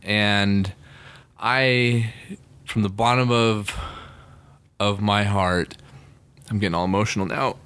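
A man's voice: lowish voice, fairly even intonation, slow pace, pauses often, fairly bright tone, clear, resonant tone. A man co-hosting a casual chat podcast on a microphone, rambling with many fillers and restarts. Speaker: podcast co-host.

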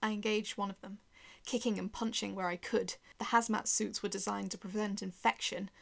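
A woman reads a first-person horror story aloud, tense and dramatic, sometimes sinking to a whisper. Her mid-range voice has a gravelly fry. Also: mid-range voice, level tone, fairly quick.

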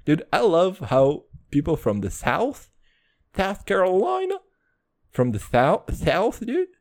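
A young man hosting a casual solo podcast, swearing a lot and dropping "dude" into every sentence, boastful and rambling. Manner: crude, swaggering slang, lots of "dude"; jumps between low mutters and high excited bursts. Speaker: podcast host.

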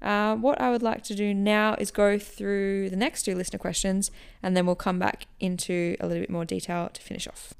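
A woman hosting a podcast, answering listener questions in a relaxed, chatty way that explains as she goes. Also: medium pitch, a little fast, vocal fry, few pauses, clean tone. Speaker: running coach and podcast host.

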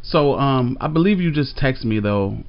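A man's voice: medium pitch, lively intonation, normal speed, slight background noise. A man, telling his side of a story in casual chat, laid-back and rambling. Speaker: storyteller co-host. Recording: dry, slightly dull audio.

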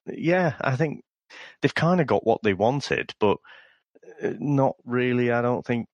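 A man from the north west of England, co-hosting a casual film review podcast and talking in an easygoing, measured way with small hesitations. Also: mid-range voice, animated, no echo, dull audio. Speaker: podcast co-host.

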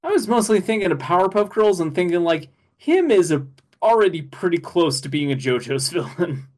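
A man co-hosting a podcast, chatting casually and excitedly, laughing often and rambling with fillers. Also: sits high, moderate pace. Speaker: podcast co-host. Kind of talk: casual chat recapping an anime episode.

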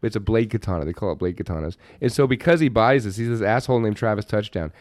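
A man's voice: lowish voice, fast talker, no echo. Podcast dude, swoops all over when he talks, swears a lot, dry close mic. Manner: animated, profane, excitable. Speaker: podcast co-host. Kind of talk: casual chat.

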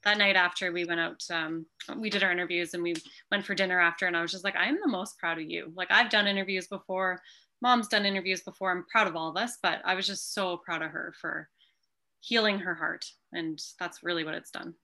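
An earnest woman talking as a guest on a casual podcast. Her voice is a bit low for a woman but bright and forceful. She speaks in a heartfelt way and often says "like.". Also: fairly even intonation, a little fast. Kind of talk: casual interview chat.

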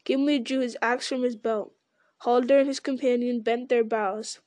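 A woman's voice: fairly high pitch, normal speed, dry recording. Woman reading a novel aloud. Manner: steady, with occasional slips and repeats. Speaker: reader.

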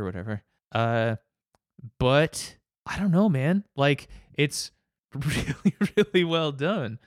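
Smooth-voiced man rambling in casual chat. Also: mid-range voice, lively intonation, no room sound, studio quality. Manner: rambling, halting, many restarts and laughs.

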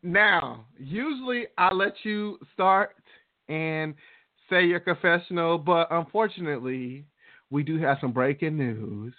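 A man's voice: a little high, unhurried. A man co-hosting a podcast in casual chat, teasing and laughing, then reading out segments. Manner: teasing, laughs a lot, reads segments aloud. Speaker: podcast co-host. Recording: tinny phone-line sound.

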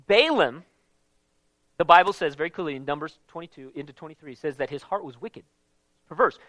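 A man preaching a casual Bible-teaching sermon in an animated, conversational way, with slang mixed in. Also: fairly high pitch, fairly quick, long pauses, no room sound.

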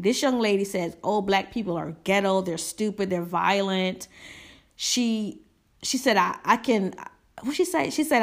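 A woman hosting a casual commentary podcast, talking candidly and emphatically, often restarting her sentences and adding asides. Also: mid-range voice. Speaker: podcast host.

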